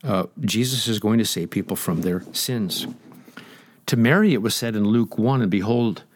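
A man's voice: fairly low pitch, normal speed. A man preaching a sermon, stressing his points and asking the listeners direct questions. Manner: emphatic, rhetorical questions to listeners.

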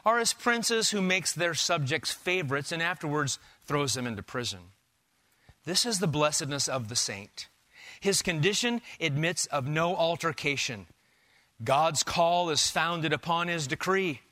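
In a church sanctuary, a pastor with a fairly high voice preaches a sermon, posing rhetorical questions and swinging between loud emphasis and quiet asides.

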